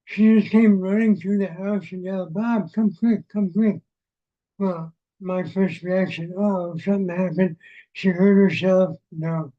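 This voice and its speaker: A man speaking to an online group in a chatty, plainspoken way. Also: high voice. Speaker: participant. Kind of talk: casual sharing. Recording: dull, lo-fi call audio.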